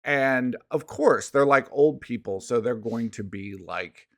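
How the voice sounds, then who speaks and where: A man's voice: medium pitch, unhurried, a bit bright. A man co-hosting a podcast, chatting casually about films in a laid-back way with plenty of agreeing fillers. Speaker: podcast co-host. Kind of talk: casual chat about movies.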